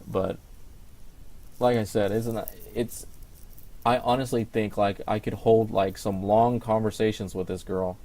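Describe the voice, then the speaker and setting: Young man, very deep voice, casual podcast chat, rambling, lots of fillers. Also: flat delivery, measured pace, warm tone. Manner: rambling, full of fillers and restarts. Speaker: podcast co-host.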